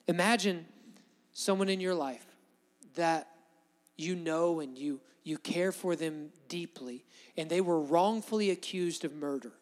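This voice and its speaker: A man preaching a sermon as pastor, impassioned, rising and dropping in volume for emphasis. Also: high-pitched. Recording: long hall reverb.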